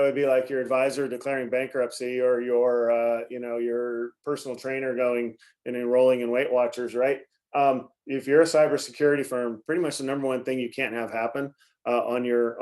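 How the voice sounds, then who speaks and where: A man's voice: medium pitch, a little mellow. Man talking markets with a scratchy throat. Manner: rambling, many fillers and self-corrections. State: coughing, clearing throat often. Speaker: market commentary host. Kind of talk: casual live market commentary.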